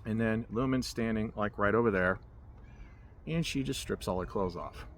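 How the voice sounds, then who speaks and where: A man's voice: on the low side, normal speed, a little hiss or hum. A man vlogging from a hammock outdoors, telling a story in a rambling, casual way full of fillers and restarts. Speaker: spiritual vlogger.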